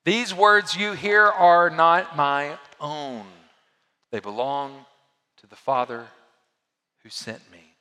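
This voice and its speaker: A man preaching a sermon as a pastor, swinging from loud emphasis down to hushed, quiet lows. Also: steady tone, slow pace, in a large hall.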